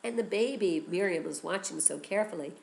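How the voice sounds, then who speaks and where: A woman teacher telling a story to children, animated and expressive, often asking questions. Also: lowish voice, fairly quick, creaky.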